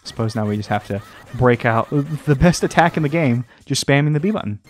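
A man hosting a let's play, rambling and joking at himself, often jumping into a high sing-song voice. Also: lively intonation, brisk, soft background music. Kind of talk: casual gameplay commentary. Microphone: desk microphone.

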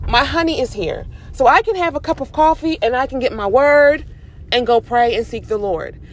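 A young woman and mom vlogger, driving while she gives an animated, chatty motivational talk. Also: sits high, moderate pace, a little hiss or hum. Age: young adult. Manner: animated, chatty, preachy encouragement. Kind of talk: casual motivational talk to camera. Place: in a car, driving.

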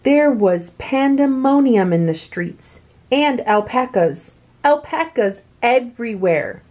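A woman reading a children's picture book aloud with expressive, swooping delivery. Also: mid-range voice, slow, dull audio. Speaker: children's story reader.

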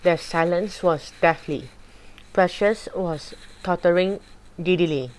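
A woman reading a spooky children's chapter book aloud in a slow, deliberate and even way. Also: fairly low pitch, low-quality recording. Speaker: storybook reader. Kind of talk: audiobook narration of a horror chapter.

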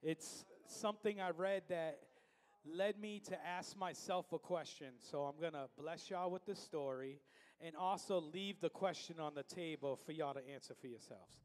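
A man's voice: a little high, moderate pace. A man telling a folksy story during a church service, speaking casually. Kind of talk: sermon story. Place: church hall. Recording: long reverb of a church hall.

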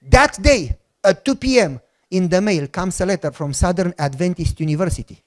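A middle-aged man with a Romanian accent preaches, spinning a story with an animated, joking delivery. He acts out both sides of the conversations he is recounting, keeping the sermon lively. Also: high-pitched, normal speed. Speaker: pastor.

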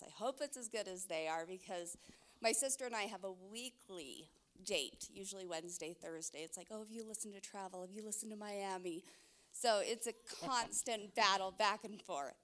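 A woman's voice: mid-range voice, a bit bright. A woman in her forties from Utah, an audience member chatting and asking a question at a live Q&A. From Utah, United States. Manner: chatty and grateful, with fillers.

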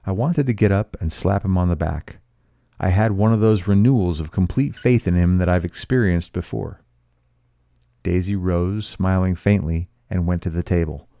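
A man's voice: sits low, normal speed, gravelly, warm tone, dry recording, studio quality. A man reading a novel aloud as a teacher, breaking off for blunt, sarcastic, profane commentary.

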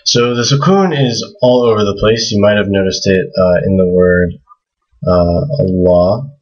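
A man with a very low, slightly husky voice explains a lesson in a relaxed, casual way, pausing on fillers and slowly repeating words to model them. The recording sounds dull and lo-fi. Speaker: language teacher.

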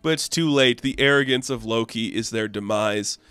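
A man's voice: medium pitch, moderate pace, sharp tone, clear, resonant tone, no room sound. A man casually recapping a comic book, chatty and enthusiastic. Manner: chatty, enthusiastic, acts out quotes.

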